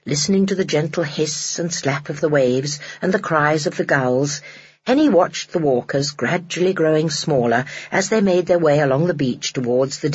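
A narrator reading a children's novel aloud in a gentle, measured storytelling manner. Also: medium pitch, breathy edge, no echo. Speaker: audiobook narrator. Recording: dull lo-fi dry recording.

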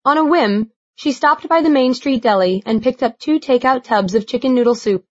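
A woman's voice: high-pitched, normal speed, a little mellow. Woman narrating an audiobook, muffled sound. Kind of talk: scripted narration.

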